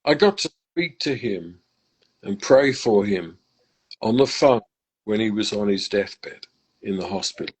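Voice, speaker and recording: A man's voice: fairly low pitch, expressive, a little slow, breathy edge, low-quality recording. An older man from England, a musician guest telling stories in a casual interview, reflective and full of restarts. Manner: reflective, warm faith talk with many restarts.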